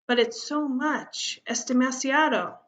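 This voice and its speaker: A woman's voice: high-pitched, a little slow, a bit bright. A woman reading the part of an elderly grandfather who coaxes and pleads, mixing in Spanish phrases, in a storybook read-aloud. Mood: coaxing. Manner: coaxing, slips in Spanish phrases. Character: elderly Mexican-American grandfather, hopeful and pleading. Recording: muffled lo-fi recording.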